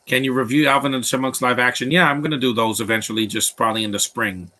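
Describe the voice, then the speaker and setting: A man with a bright, forceful voice talks over a movie as it plays, tossing out blunt opinions and rambling asides. His pitch sits in an ordinary middle range for a man. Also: steady tone, fast talker. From Latino background. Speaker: movie commentator. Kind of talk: live movie commentary.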